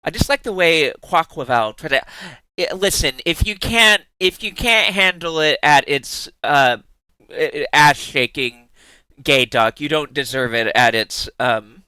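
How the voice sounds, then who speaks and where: A man's voice: a little high, a little slow, bright, forceful tone, clean tone, dry recording. A man streaming live in casual chat, giggling often and rambling in playful asides with many restarts.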